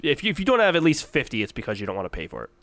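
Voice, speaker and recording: Man, mid pitch, excitable rambling podcast co-host, dry sound. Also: rapid-fire, no echo. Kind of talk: casual gaming chat.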